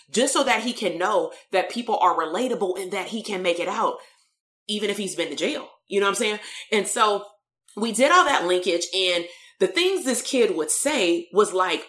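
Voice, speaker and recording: A woman from Compton tells a story as a therapist. Her delivery is animated and casual, full of slang and fillers, and her pitch swings up and down. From Compton, California. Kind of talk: storytelling talk.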